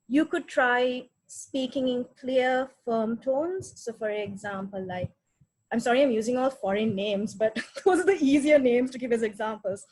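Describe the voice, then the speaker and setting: A woman's voice: a little high, low-quality recording. A woman giving a practical parenting webinar talk, offering example phrases and often checking in with "right?".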